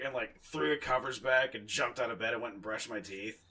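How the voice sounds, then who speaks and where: A man's voice: medium pitch, brisk, hardly any pauses, sharp tone. A young man co-hosting a podcast in casual chat, telling rambling, profane, self-mocking stories. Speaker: podcast co-host.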